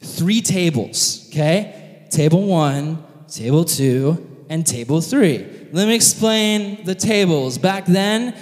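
A man preaching a humorous, casual sermon in a church hall, retelling a Bible story with animated jokes and lots of fillers. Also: on the high side, slow pace.

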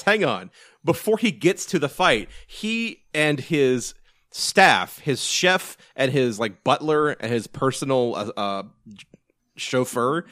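A man's voice: medium pitch, a bit bright, dry recording. A man rambles through a casual movie podcast chat. He restarts often and swears now and then, in a dry, close recording. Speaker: podcast co-host.

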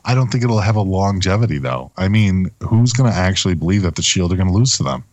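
A man's voice: low voice, expressive, fast, darkish tone, no echo. A man co-hosting a casual podcast, hesitant and often trailing off. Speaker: co-host.

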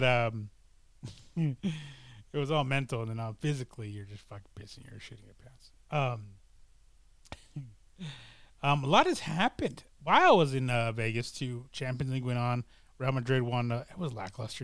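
A man's voice: mid-range voice, fairly bright tone, no echo. Rambling middle-aged man, dry sound. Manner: rambling, hesitant, many fillers and restarts. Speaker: vlogger. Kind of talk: casual chat.

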